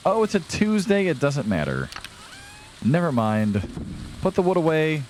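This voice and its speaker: A man's voice: a little high, big pitch swings, measured pace, a little mellow, slight background noise. A young man casually commenting on his farming game to viewers, chatty and self-deprecating, a bit tired and yawning. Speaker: let's play host.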